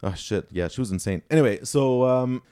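A man's voice: mid-range voice, animated, brisk, dark tone, clean tone. A young man hosting a casual podcast, his story wandering along with constant fillers. His voice sits in an everyday middle register. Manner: rambling storytelling full of "like" and "you know". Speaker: podcast host.

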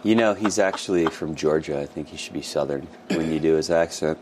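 A man with a very deep voice co-hosts a casual sports chat, rambling through his points with plenty of fillers. He gets animated when he imitates fans. Faint background noise runs under the recording. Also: fairly quick. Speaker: sports podcast co-host.

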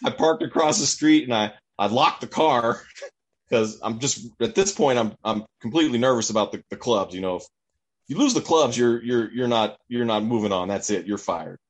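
A man in casual chat, telling an anecdote in an animated way and acting out the voices of people in it. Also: mid-range voice, normal speed. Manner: animated, acts out voices in his story. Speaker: storyteller.

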